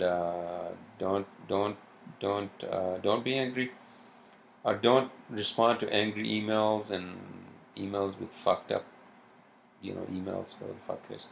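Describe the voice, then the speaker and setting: Profane, worked-up man ranting, gravelly. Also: lowish voice, slight background noise. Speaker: vlogger. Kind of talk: solo rant vlog. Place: New York home.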